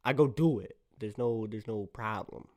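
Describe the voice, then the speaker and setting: A young man hosting a casual solo podcast, rambling playfully in slangy talk that jumps now and then into loud bursts. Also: on the low side, moderate pace, no echo, clean studio sound. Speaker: podcast host.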